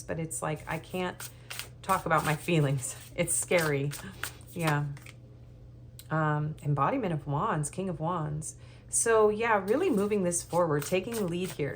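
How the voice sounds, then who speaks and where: A woman's voice: on the low side, slight background noise. A woman giving a tarot reading, talking in a rambling, hesitant way with many ums, and sounding nervous. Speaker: tarot reader. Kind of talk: casual tarot reading monologue.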